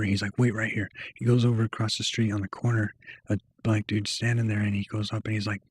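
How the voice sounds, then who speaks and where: A man's voice: fairly low pitch, darkish tone, breathy edge. A young man telling a personal story to camera in a rambling, slangy way, full of fillers. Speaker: vlogger. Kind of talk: casual storytelling.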